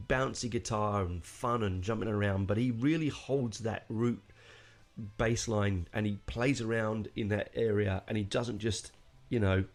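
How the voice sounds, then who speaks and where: A man's voice: lowish voice, darkish tone. A man hosting a podcast, reviewing a metal album in a casual, rambling way, enthusiastic, with plenty of fillers and casual swearing.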